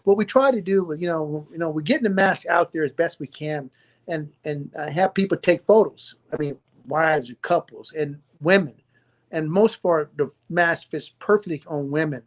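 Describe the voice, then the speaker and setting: A man's voice: on the high side, normal speed. A man with a Southern US accent, a doctor speaking as a guest on a live-stream interview, emphatic and lecturing, repeating his points for stress.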